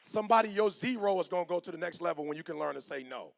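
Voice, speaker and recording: Gravelly, high-pitched motivational speaker man. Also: very fast. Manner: animated, preachy, slangy, swings from hushed to loud. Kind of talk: motivational speech.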